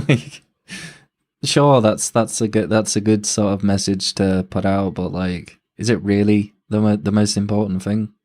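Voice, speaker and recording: A man's voice: lowish voice, steady tone, moderate pace, hardly any pauses, darkish tone. A man reacting live to a video on stream, thoughtful and hesitant, often amused.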